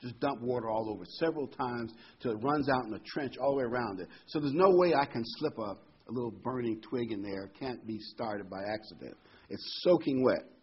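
A man teaching a Bible study in a casual, storytelling way, jumping up in pitch when he quotes people. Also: a little fast, slightly rough. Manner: conversational, storytelling, jumps to a higher pitch for quoted voices. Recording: dull lo-fi sound.

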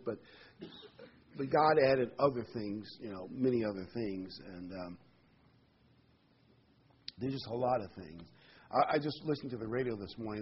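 A man preaches a sermon in a chatty way, full of fillers and rhetorical questions. His voice sits at an ordinary pitch. The recording sounds a bit dull, with faint hiss under it. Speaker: pastor.

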